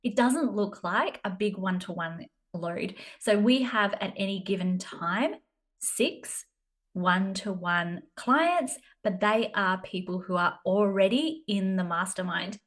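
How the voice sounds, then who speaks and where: A woman's voice: medium pitch, slow, a bit bright. Chatty Australian woman podcaster. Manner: chatty and self-deprecating, with playful asides. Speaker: podcast host, business coach. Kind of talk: casual solo podcast talk.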